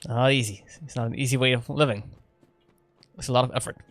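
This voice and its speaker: A man's voice: medium pitch, steady tone, quick pace, fairly bright tone, no room sound, soft background music. A man streaming a video game in casual chat, playful and laughing often as he talks with his viewers. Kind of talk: casual live gameplay chat.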